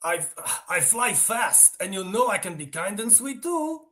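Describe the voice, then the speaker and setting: A man's voice: high-pitched, sing-song, unhurried, bright, forceful tone, pitched above the performer's own voice, heavily acted. A man putting on a shy young Russian-accented guy. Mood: hinting. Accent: put-on Russian accent.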